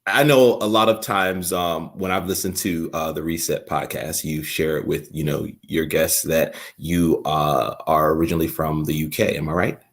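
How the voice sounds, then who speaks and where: Deep-voiced male podcast host. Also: steady tone. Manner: frequent affirmations, halting questions. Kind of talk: casual chat.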